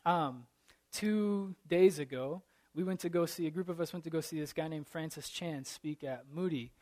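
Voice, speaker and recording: A man in his thirties who prays and then opens a sermon, earnest and halting, with many fillers and a self-deprecating humor. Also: a little high, mellow. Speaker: preacher. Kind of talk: prayer and sermon opening.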